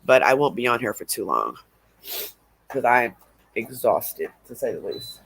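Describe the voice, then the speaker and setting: A man's voice: mid-range voice, very animated, a little slow, a bit bright, breathy edge, no room sound. A man hosting a casual livestream, stuffy and sniffling from allergies, rambling and drawling with laughs between remarks. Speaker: livestream host.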